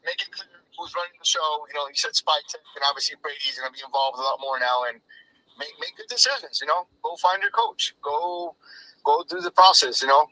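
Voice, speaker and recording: A man calling in to a live fan show, rambling quickly with many fillers. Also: fairly high pitch, big pitch swings, sharp tone, rough recording. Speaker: call-in guest. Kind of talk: casual live chat. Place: at work.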